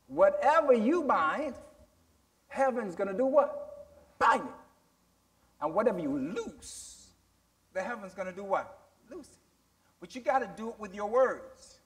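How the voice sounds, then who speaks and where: High, bright-voiced preaching pastor. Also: male voice. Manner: call-and-response preaching, rising emphatic shouts. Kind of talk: sermon.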